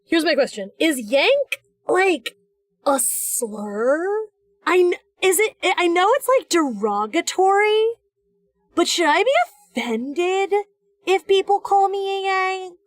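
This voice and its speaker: Very high-pitched and highly animated yet slow, this young woman from the United States chats on a drawing stream. She rambles, restarts, and teases playfully, recorded with no echo.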